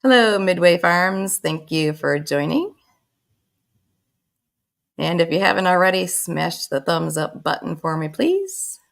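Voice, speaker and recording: Chatty woman with a gravelly low voice. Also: a little slow, long pauses. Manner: chatty, greets viewers by name, laughs often. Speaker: livestream host. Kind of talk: casual livestream chat.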